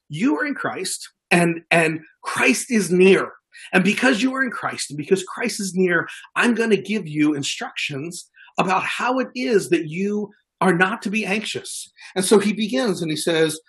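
A man's voice: high voice, fairly bright tone, breathy edge. A man preaching a sermon as a pastor, earnest, often repeating words as he builds his points.

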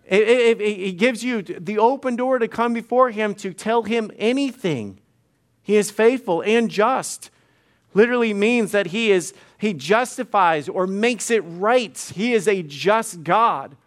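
A man's voice: high-pitched, measured pace. A middle-aged male pastor preaching conversationally, often repeating words and acting out quoted dialogue. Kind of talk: sermon.

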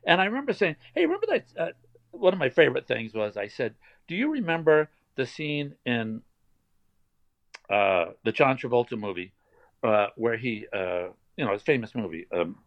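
An older man, a voice actor guest, telling animated anecdotes in a casual interview and slipping into playful voices. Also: mid-range voice, normal speed, no echo. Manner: animated storyteller who slips into playful voices. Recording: dry, dull lo-fi sound.

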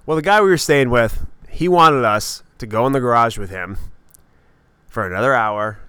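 A podcast host spins a comic story in an animated, swearing, self-mocking way. His voice is bright and smooth. The recording is close and dry, with no room sound. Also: mid-range voice, moderate pace, dry recording. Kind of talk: comedic storytelling monologue.

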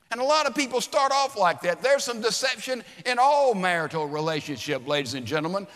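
Middle-aged pastor guy preaching, high sharp voice, big echoey church hall. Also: a little fast, few pauses. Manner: animated preaching, dropping to hushed asides. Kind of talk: sermon. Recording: long reverb of a large hall.

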